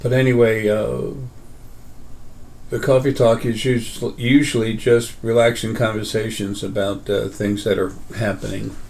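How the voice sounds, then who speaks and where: A man's voice: on the low side, little pitch movement, unhurried, vocal fry, a little mellow, slight background noise. A man hosting a casual metaphysical talk, rambling with many fillers and restarts. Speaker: host.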